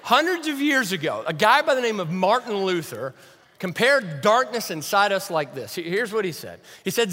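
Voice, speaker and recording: A man's voice: high-pitched, big pitch swings, normal speed, sharp tone, in a large hall. A man preaching a sermon as a pastor, conversational and self-deprecating, often asking the audience questions. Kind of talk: sermon with humor.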